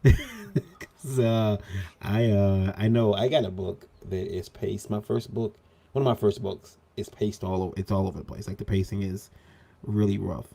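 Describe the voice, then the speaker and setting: A low-pitched man with a warm, mellow tone talks haltingly about his comics. He pauses often and fills the gaps with "um" and "uh". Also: steady tone, vocal fry. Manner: hesitant, with many fillers. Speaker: comic book creator on a panel. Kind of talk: casual panel talk.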